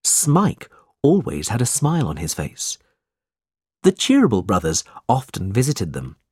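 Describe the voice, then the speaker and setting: A man narrating a simple storybook in a plain, measured way. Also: lowish voice, huge pitch swings, a little mellow, slightly rough, no room sound, clean studio sound.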